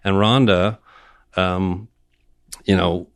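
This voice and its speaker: A man with a very deep voice, an orthopedic surgeon appearing as a podcast guest. He talks in an easygoing, casual way and uses many fillers. His voice is recorded dry, with no room sound. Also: fairly even intonation, extremely slow, no room sound. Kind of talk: casual interview chat.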